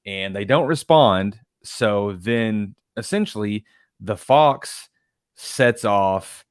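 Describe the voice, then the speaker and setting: A man co-hosting a casual film talk podcast, rambling and profane, his voice often trailing off quietly. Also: fairly low pitch, animated, slow, clean tone, no echo, studio quality. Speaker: podcast co-host.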